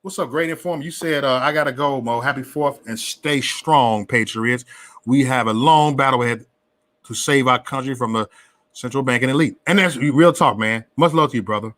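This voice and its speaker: A man hosting a casual livestream, talking in an animated, preachy way with lots of slang, repeating himself and stammering on restarts. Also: mid-range voice, normal speed. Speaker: livestream host.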